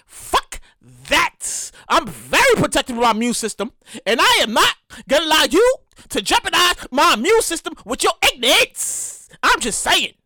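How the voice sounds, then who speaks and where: A man hosting his own podcast in a casual solo monologue, animated and profane, often repeating himself. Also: very high-pitched, a little fast, no echo. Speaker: podcast host.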